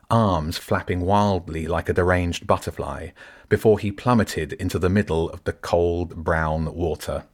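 Deep-voiced male audiobook narrator. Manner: steady storytelling, shifts into character voices. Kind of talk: scripted narration.

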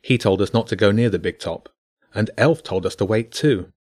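A man's voice: on the low side, normal speed, darkish tone, close to an everyday voice. A man voicing an anxious young boy who blurts out his worries.

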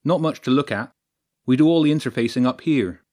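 A man voicing a young, wiry male lighting technician who talks fast and shows off his gear. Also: mid-range voice, darkish tone, pitched above the performer's own voice, lightly acted. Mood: eager.

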